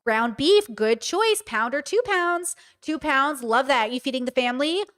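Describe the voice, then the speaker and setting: A woman's voice: lively intonation, normal speed, a bit bright. A woman putting on a bubbly deli clerk voice. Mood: chirpy. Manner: bubbly high customer service voice. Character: chirpy young woman deli counter clerk, eager to please.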